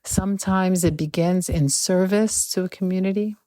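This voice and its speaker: A woman hosting an interview, measured and reflective as she reads out her closing thoughts. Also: fairly low pitch, steady tone, warm tone, no room sound, studio quality. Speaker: podcast host.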